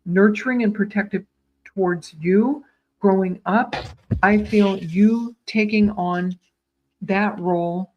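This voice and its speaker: A woman giving live psychic readings, speaking in a tender, soothing way with gentle repetitions and small stumbles, calling viewers sweetheart. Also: mid-range voice, steady tone, slow, muffled recording, a little hiss or hum. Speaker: psychic medium.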